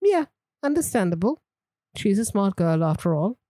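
A woman co-hosts a casual movie podcast in a mellow, warm voice. She is easygoing and agreeable and chats freely. The sound is dry and close. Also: mid-range voice, big pitch swings, normal speed, no echo. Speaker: podcast co-host.

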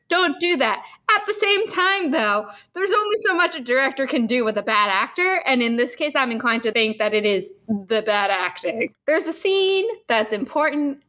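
A woman co-hosting a podcast, talking in a passionate, opinionated way with animated rants. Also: a little high. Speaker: podcast co-host. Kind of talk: casual chat.

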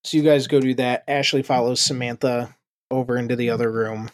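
A man's voice: medium pitch, fairly even intonation, no room sound, clean studio sound. Casual man running a tabletop game. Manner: brisk, casual, swears offhand. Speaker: game master.

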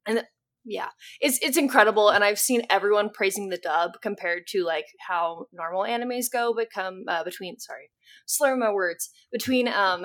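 A woman hosting a podcast, talking at length in a casual, rambling way with "um" and "like". Her voice sits a little low for a woman. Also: fairly bright tone. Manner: rambling, praises the guest with fillers. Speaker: podcast host. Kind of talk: casual chat.

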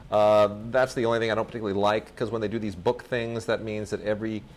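Low-voiced man rambling on a podcast. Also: level tone, quick pace, slight background noise. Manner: enthusiastic, rambling, self-mocking. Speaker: podcast co-host. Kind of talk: casual chat about home video releases.

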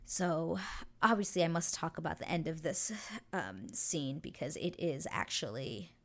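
A woman's voice: sits low, expressive, measured pace. A woman hosting a podcast, chatting casually and rambling with lots of "like" as she recaps a TV episode and acts out the characters' lines. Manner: gushing, rambling, heavy use of "like". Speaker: podcast host.

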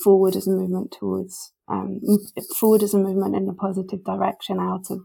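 A woman's voice: mid-range voice, completely flat delivery, fast, creaky, dark tone, breathy edge. A woman, a literary scholar and podcast guest, discussing a poem in a thoughtful, hesitant way with many ums and restarts.

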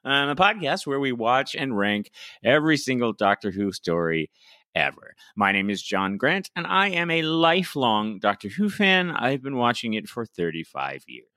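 A man's voice: medium pitch, sing-song, moderate pace, sharp tone, dry recording, clean studio sound. A man in his forties co-hosting a podcast, talking casually and hesitantly with many fillers. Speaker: podcast co-host.

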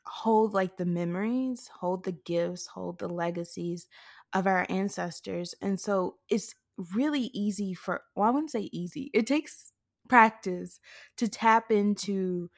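A woman co-host speaking in a measured, thoughtful way during a casual discussion. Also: medium pitch, creaky, dry recording, studio quality.

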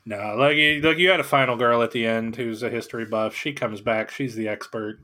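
A man's voice: medium pitch, steady tone, brisk, sharp tone. A man co-hosting a podcast in casual chat, with dry, wry humor. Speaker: podcast co-host.

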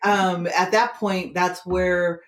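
A woman's voice: fairly low pitch, fairly even intonation, slow. A middle-aged woman guest telling a personal story in a casual interview, acting out the voices of the people she quotes. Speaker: interview guest, tarot teacher. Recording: roomy echo.

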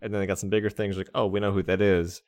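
A deep-voiced man chatting casually on a podcast, dropping dry jokes and quick asides. The sound is close and dry, with no echo. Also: little pitch movement, darkish tone. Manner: joking, wry asides. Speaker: podcast co-host. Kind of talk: casual chat.

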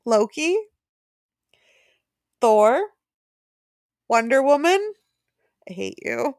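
A woman's voice: fairly high pitch, sing-song, drawn-out words, no room sound, clean studio sound. A woman co-hosting a casual podcast chat, giggly and rambling, pressing her points with emphasis. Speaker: podcast co-host.

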